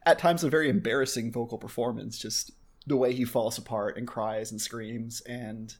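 A young man with an ordinary mid-range voice co-hosts a casual podcast. He talks wryly and laughs easily, often halting and restarting his sentences. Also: mid-range voice, fairly even intonation. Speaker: podcast co-host. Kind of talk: casual chat about an anime.

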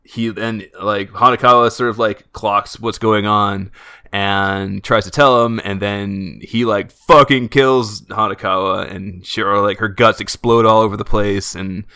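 A man's voice: on the low side, fairly even intonation, measured pace, sharp tone, smooth, no echo. A young man co-hosting a podcast, chatting casually and rambling with many filler words. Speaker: podcast co-host. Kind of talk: casual chat about an anime.

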